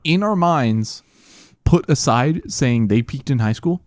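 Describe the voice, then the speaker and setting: Young male podcast co-host, animated pitch, mellow tone, rambling delivery, dry room. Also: takes it slowly, no echo. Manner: rambling, stammering restarts. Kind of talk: casual chat.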